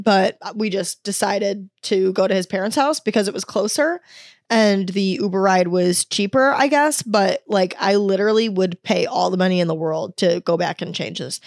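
A woman's voice: medium pitch, no echo. Young woman vlogger, confessional and candid, swears freely, dry close sound. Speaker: wellness vlogger. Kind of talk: confessional storytelling.

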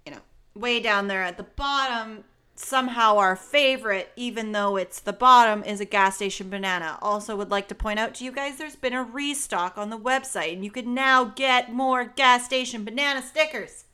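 A woman co-hosting a podcast, chatting casually and cracking jokes. Her voice sits a little high. It has a bright, crisp edge. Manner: playful and chatty, quick to joke. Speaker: podcast co-host. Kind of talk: casual chat. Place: basement.

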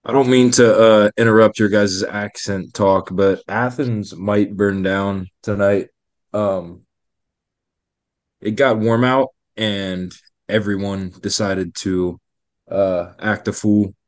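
Young man, low voice, easygoing rambling chat, dry mic. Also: steady tone, slow pace, no echo. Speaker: podcast co-host. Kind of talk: casual chat.

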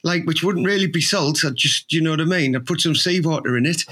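High, husky lad, boastful rambling comic podcast host. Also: male voice, quick pace, pushed and bright. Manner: boastful, rambling, repeats slang. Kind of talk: improvised comedy chat.

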